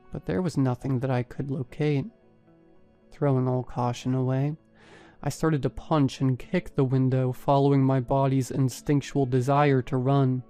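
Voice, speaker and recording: Mellow, even-toned male horror narrator. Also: mid-range voice, clear, resonant tone. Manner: steady, even storytelling. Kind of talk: scripted narration.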